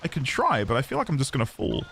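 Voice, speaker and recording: A man's voice: medium pitch, wildly swooping pitch, quick pace, gravelly, fairly bright tone, a little hiss or hum. A man chatting casually on a live game stream, rambling and self-deprecating.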